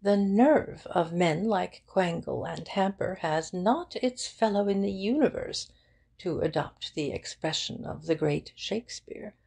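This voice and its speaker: A courteous, fussy old gentleman solicitor with genteel, precise speech, as a woman reading an audiobook puts him on. The voice sits low, with a gravelly, husky grain, and it unhurriedly savours every word. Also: unhurried, full character voice. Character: elderly fussy male solicitor, mild, courteous.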